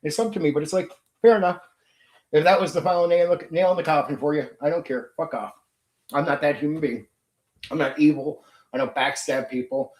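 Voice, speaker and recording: A man's voice: fairly high pitch, fairly even intonation, fairly quick, a little mellow, roomy sound. A middle-aged man hosting a casual live chat, venting bluntly and swearing heavily. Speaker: channel host. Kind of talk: casual ranting livestream chat.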